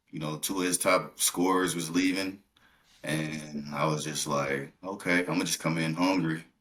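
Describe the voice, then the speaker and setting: Super deep voiced guy from milwaukee, laid back podcast guest talking hoops. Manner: relaxed storytelling with fillers. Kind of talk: casual chat.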